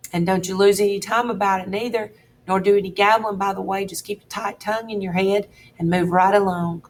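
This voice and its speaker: A woman's voice: medium pitch, steady tone, fairly quick, slight background noise, lightly acted. A woman voicing a middle-aged male con man who drawls and bosses in a threatening way. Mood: bossy.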